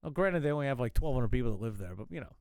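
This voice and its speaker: A man's voice: medium pitch, animated, rapid-fire, darkish tone, dry recording. A man hosting a live call-in talk show, riffing on news headlines with sarcastic, profane, mocking asides. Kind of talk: casual comedic news riff.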